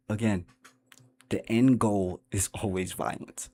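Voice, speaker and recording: A man with a fairly low voice hosts a livestream and talks off the cuff. His commentary is blunt and profane, and he rambles from point to point. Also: animated, moderate pace, pauses often, darkish tone, husky. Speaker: livestream host.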